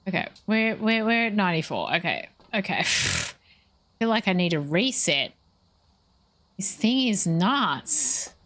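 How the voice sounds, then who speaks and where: A woman's voice: mid-range voice, sing-song, takes it slowly, a bit bright. A woman streaming a ghost-hunting game, thinking aloud and questioning the ghost. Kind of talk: live gameplay commentary.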